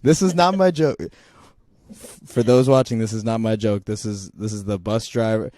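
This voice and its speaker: A young man in a casual chat, retelling a story with plenty of restarts and little bursts of laughter. His voice is mellow and dark, and the sound is close and dry, with no room around it. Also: lowish voice, moderate pace, no room sound. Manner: rambling, laughing, many restarts. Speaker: vlogger.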